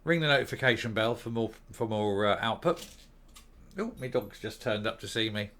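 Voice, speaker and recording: A man's voice: lowish voice, expressive, moderate pace, fairly bright tone. Fired-up man ranting. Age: older. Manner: angry, swearing, emphatic outbursts. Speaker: channel host. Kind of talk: opinion rant to camera.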